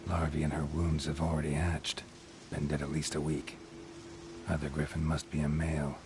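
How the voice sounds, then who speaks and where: An actor playing a gruff middle-aged male monster hunter in video game dialogue, speaking in clipped, matter-of-fact fragments. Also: extremely low pitch, completely flat delivery, moderate pace, noisy background. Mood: terse analytical. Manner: clipped, matter-of-fact, dropping subjects from sentences.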